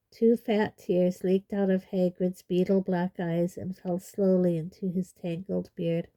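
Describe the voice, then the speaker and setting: Female audiobook reader, steady storyteller, warm dark tone. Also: lowish voice, measured pace, few pauses. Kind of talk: audiobook narration.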